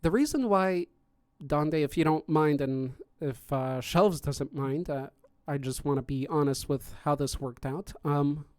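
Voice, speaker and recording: A man's voice: on the high side, a little slow, a little mellow, no echo, studio quality. A man hosting a podcast stream in casual chat, rambling with many fillers and restarts as he explains contest judging. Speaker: podcast host and contest judge.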